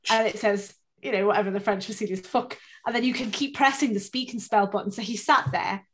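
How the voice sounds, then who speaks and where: A woman's voice: mid-range voice, steady tone, fairly quick, a little hiss or hum. Chatty woman telling stories. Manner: rambling storytelling, swears freely, self-mocking. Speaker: podcast co-host. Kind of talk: casual chat.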